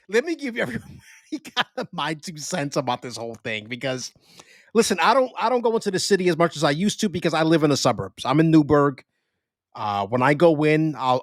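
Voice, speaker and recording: Podcast host guy, animated and swearing, voice jumps all over, bit high. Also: no room sound. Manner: animated, laughing, profane. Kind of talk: casual chat.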